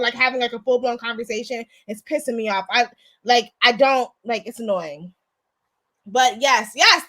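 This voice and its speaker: A woman's voice: sits high, bright, forceful tone. A woman of Jamaican background hosting a casual show, ranting bluntly with profanity and many restarts. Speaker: podcast host. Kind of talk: casual opinion rant.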